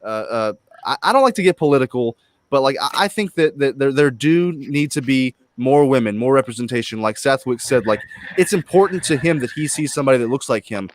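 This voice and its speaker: A man's voice: medium pitch, animated, fairly quick. A man on a live-stream panel who stammers and restarts his sentences a lot. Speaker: panel guest. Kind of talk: casual live-stream debate.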